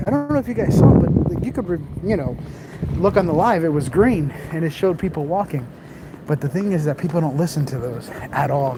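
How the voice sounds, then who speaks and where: A man live-streaming while he walks city streets at night, chatting casually and reading viewer comments aloud into his phone camera. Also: high voice. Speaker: livestream vlogger. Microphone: handheld phone camera. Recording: street noise behind.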